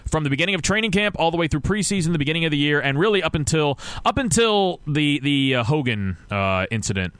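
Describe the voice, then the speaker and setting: A man's voice: fairly high pitch, big pitch swings, quick pace, a bit bright, clear, resonant tone, no room sound. A man hosting a podcast, ranting casually and with frustration about his football team, rambling and restarting his sentences often. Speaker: podcast host. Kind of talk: casual sports rant.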